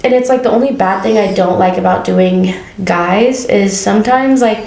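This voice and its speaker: A woman's voice: medium pitch, moderate pace, vocal fry, roomy sound, faint music behind, rough recording. A young woman, a hairstylist and podcast co-host, telling stories in casual chat and acting out the people in them. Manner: animated, acts out quoted dialogue, laughs often.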